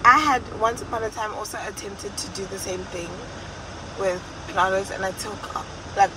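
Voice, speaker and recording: A woman's voice: medium pitch, background noise. A young woman telling a personal story in a storytime vlog, speaking candidly and emotionally. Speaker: vlogger.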